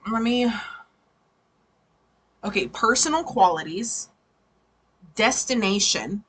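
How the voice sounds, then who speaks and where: A woman's voice: a little high, pushed and bright, husky, poor audio. A woman giving a casual, chatty live tarot reading, swearing freely and laughing often. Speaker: tarot reader.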